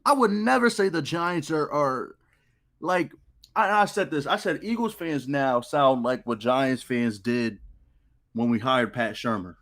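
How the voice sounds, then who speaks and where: A man's voice: mid-range voice, animated, a little slow, fairly bright tone. A young man co-hosting a live sports talk stream, joking and ranting in casual banter. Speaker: co-host.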